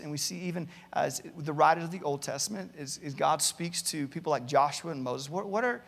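Male pastor, sermon, somewhat high gravelly voice, big reverberant church hall. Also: fairly bright tone. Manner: earnest preaching, reads many Bible verses aloud, repeats words at starts. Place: church campus, large hall.

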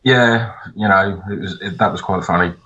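A man co-hosting a podcast, telling stories in a loose, animated, sweary way. His voice sits fairly low but has a bright, forceful edge. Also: normal speed, highs cut off. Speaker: podcast co-host. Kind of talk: casual chat.

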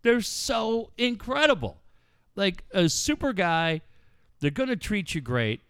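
A man's voice: high voice, big pitch swings, slow, a bit bright, clear, resonant tone, dry recording, clean studio sound. A middle-aged man co-hosting a radio show, telling stories in casual banter, swearing freely and laughing as he goes. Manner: storytelling, swearing a lot, laughing.

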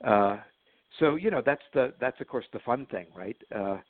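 A man's voice: mid-range voice, animated, moderate pace, no room sound. A man telling stories as a guest in an interview, chatty and laughing at his own stories, with lots of fillers. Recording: phone line.

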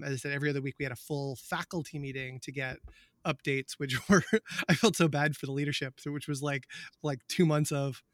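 A man's voice: mid-range voice, a bit bright, no echo, clean studio sound. A man who teaches biology, chatting in a rambling, easygoing way and laughing often. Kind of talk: casual conversation.

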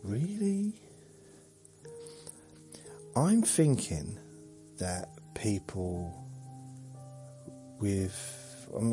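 Man, podcast host, low voice, unhurried, meandering, dry humor, sleep podcast. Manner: meandering, dry and self-mocking. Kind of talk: rambling sleep podcast monologue.

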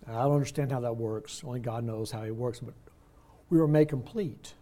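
An older man teaching a Bible study class, explaining word meanings in a conversational way and slowing down to stress key words. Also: mid-range voice, mellow.

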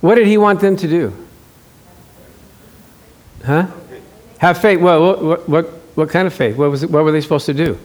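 A male pastor preaching, playful and animated, acting out scenes for his church. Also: fairly high pitch, moderate pace, pauses often. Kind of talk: sermon.

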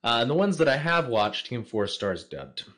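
A man's voice: mid-range voice, big pitch swings, moderate pace, fairly bright tone. A man being interviewed on a casual podcast, hesitant with fillers, laughing often and making dry jokes. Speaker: podcast guest.

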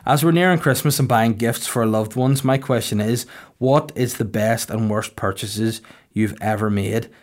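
A man in his thirties with a Northern Irish accent, hosting a podcast with crude, deadpan comic storytelling. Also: medium pitch, normal speed. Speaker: podcast host. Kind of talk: casual comedic podcast chat.

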